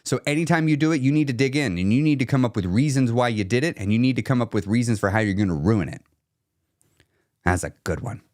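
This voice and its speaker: A man coaching on weight loss during a live chat stream, blunt and emphatic, repeating his key points, and going quieter when he talks about himself. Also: medium pitch, fast, no room sound, studio quality.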